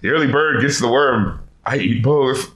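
A man co-hosting a casual album-review chat, animated and quick to laugh, jumping into high shouts when something amuses him. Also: reverberant. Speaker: podcast co-host reviewing albums.

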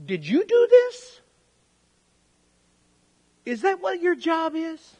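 A man's voice: huge pitch swings, darkish tone, full character voice. A male preacher voicing a startled wife woken in the night who fires off alarmed questions at her husband. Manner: shrill rapid questioning. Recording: long hall reverb.

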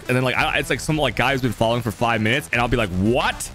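A man's voice: mid-range voice, fast, hardly any pauses, sharp tone, soft background music. A young man streaming live, chatting casually with his viewers in a rambling, laughing way with lots of fillers.

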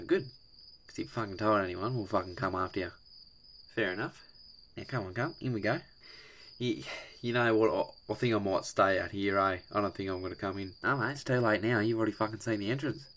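A man voicing a crude, rough-edged Australian bloke with an Australian accent who swears constantly. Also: lowish voice, a bit bright, natural voice.

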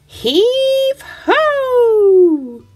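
A woman voicing a tired, put-upon hen who answers in a high, doubtful, groaning voice. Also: sing-song, extremely slow, fairly bright tone, faint music behind, heavily acted.

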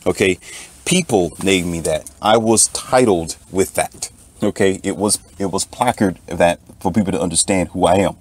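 A man's voice: low voice, normal speed. A man, monologuing to his channel's viewers in a preachy storytelling way, repeating "okay" again and again. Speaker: channel host.

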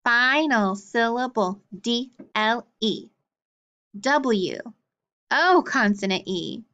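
A woman's voice: on the high side, lively intonation, slow pace, bright, forceful tone, highs cut off. A woman teaching a phonics lesson, sounding out words syllable by syllable and drilling letter cards. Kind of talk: slow, deliberate phonics lesson.

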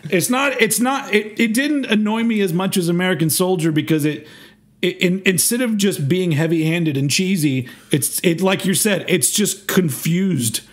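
A man in casual podcast chat, ranting in an animated way with many restarts. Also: high voice, moderate pace. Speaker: podcast co-host.

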